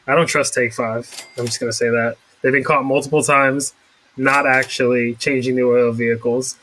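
A man's voice: mid-range voice, level tone, moderate pace, bright, forceful tone, slight background noise, low-quality recording. A young man co-hosting a podcast, chatting casually with rambling, sarcastic asides. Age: young adult. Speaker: podcast co-host. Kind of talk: casual chat.

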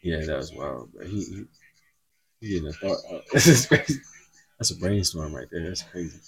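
A man's voice: low voice, expressive, moderate pace, creaky. A young man co-hosting a podcast, chatting casually and telling rambling, laid-back stories. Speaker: podcast co-host. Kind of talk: casual chat.

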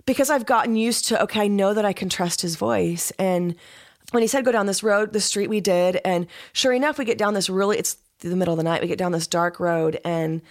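A woman pastor tells a story as a guest on a podcast, speaking at a middle pitch. She is animated and laughs often as she goes. Her manner stays casual and talkative. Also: brisk.

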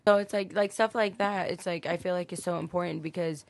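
A woman's voice: fairly low pitch, steady tone, brisk, creaky. A woman in her twenties, a podcast guest chatting candidly, swearing freely and acting out what people said. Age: 20s. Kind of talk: casual chat.

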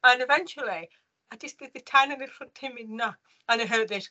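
A woman from the United Kingdom, an interview guest telling her life story in a lively way, with many restarts and fillers. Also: on the high side, brisk, low-quality recording.

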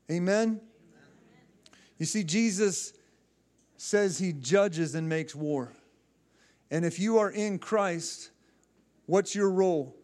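A male pastor fervently exhorts his congregation in a sermon, using calls and responses and often repeating and restarting his phrases. His voice is high-pitched and a little mellow.

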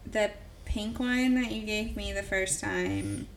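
A woman's voice: medium pitch, takes it slowly, slight background noise. A young woman co-hosting a podcast, chatty and playful, giggling through casual conversation. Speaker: podcast co-host. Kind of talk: casual chat.

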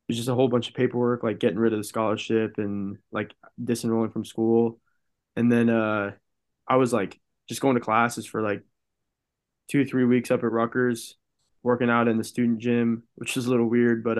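Relaxed young man telling stories. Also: mid-range voice. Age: young adult. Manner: relaxed storytelling, heavy use of "like". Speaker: college football player guest. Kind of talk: casual podcast interview.

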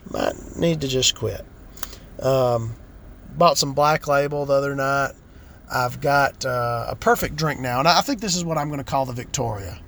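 Gravelly man ranting bluntly. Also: mid-range voice, fairly bright tone, slight background noise. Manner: profane, blunt, exasperated. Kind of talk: casual ranting vlog.

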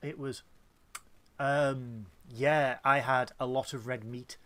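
A man's voice: medium pitch, fairly even intonation, slow pace, bright, forceful tone. A British man hosting a casual podcast chat, telling rambling, joking anecdotes and laughing often. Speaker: podcast host.

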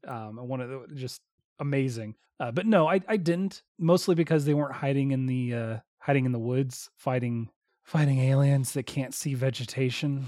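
A man co-hosting a casual podcast, talking in a halting way with dry humor and many restarts. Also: medium pitch, darkish tone, no echo. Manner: hesitant, repeats words, dry humor. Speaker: podcast co-host.

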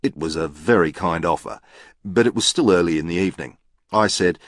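A man's voice: deep voice, fairly quick, no room sound, clean studio sound. A man narrating a novel in the first person with a precise, matter-of-fact manner. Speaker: audiobook narrator.

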